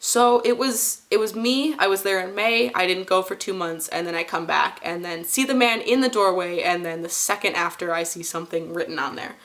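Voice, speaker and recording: A woman's voice: lowish voice, a little fast, few pauses, a bit bright. A young woman in her twenties, casually telling a personal story to camera, rambling with many fillers and restarts.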